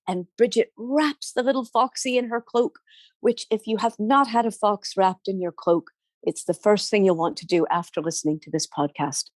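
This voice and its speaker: Woman storyteller, lively telling, dry close mic. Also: mid-range voice, no echo. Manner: animated, with sound effects and asides to listeners. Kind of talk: oral folk storytelling.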